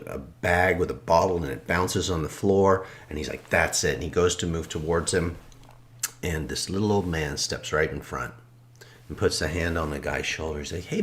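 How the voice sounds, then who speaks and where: A man co-hosting a podcast, calmly and reflectively telling a story in casual conversation, often trailing off soft and low. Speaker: podcast co-host.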